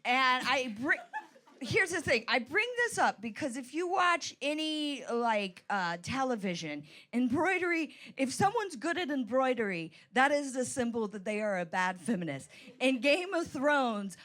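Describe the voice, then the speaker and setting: A woman co-hosting a live comedy podcast onstage, telling stories in an excitable, ranting way. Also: high-pitched, unhurried. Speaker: guest co-host. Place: comedy venue stage before a live audience.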